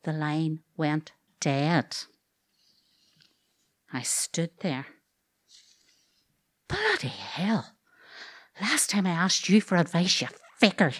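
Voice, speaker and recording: A woman's voice: low voice, slow. A woman with a Northern Irish accent telling a true story on stage, wry and earthy, swearing freely and adding comic asides. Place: live event stage.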